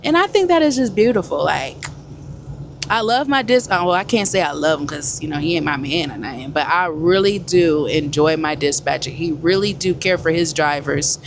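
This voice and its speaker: Chatty woman trucker, lively pitch. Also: moderate pace. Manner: animated, chatty, addresses viewers as y'all. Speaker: truck driver vlogger. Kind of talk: casual vlog chat to viewers. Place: truck cab on the highway. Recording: loud road and engine noise. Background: truck road noise.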